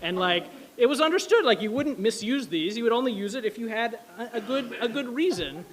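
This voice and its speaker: A man telling a casual, animated story to an audience, full of fillers and asides. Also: extremely high pitch. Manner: quick, animated, many fillers. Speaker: speaker at an anniversary event.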